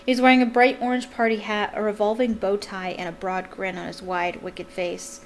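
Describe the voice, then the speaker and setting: A woman giving an expressive, dramatic reading of a novel, shifting emphasis with the story. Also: medium pitch, normal speed, poor audio. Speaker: reader.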